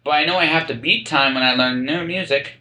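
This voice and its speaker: A man's voice: fairly high pitch, a little fast, sharp tone, roomy sound, voice pushed up, poor audio. A man voicing Alice, a curious and polite young girl, in a storybook reading. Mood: cautious. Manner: earnest, polite, slightly puzzled.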